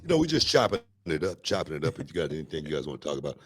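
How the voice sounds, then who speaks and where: A man's voice: very deep voice, big pitch swings, rapid-fire, breathy edge. A man co-hosting a wrestling podcast in casual chat. He opens with punchy catchphrases and often adds "you know what I mean". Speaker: podcast co-host.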